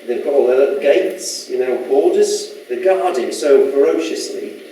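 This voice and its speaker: A man speaks in a dark, mellow voice. He gives a loose, chatty lecture and keeps asking his listeners questions. The sound comes from far off in a very echoey hall with faint noise. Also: mid-range voice, moderate pace. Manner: rambling, chatty, asks the audience questions. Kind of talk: casual public talk. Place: lecture room.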